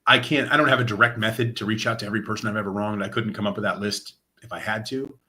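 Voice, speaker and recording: A man's voice: fairly low pitch, fast. A man from Oregon, a guest in an interview, telling his story casually and acting out quoted dialogue. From Lane County, Oregon. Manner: animated retelling, acts out quoted dialogue. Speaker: interview guest, nonprofit director of operations.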